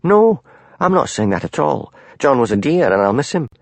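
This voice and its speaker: A man's voice: medium pitch, big pitch swings, normal speed, creaky, dry recording, voice pushed up. A man voicing a haughty, prickly actress who answers defensively, in a raised voice. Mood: affronted. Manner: affronted, defensive.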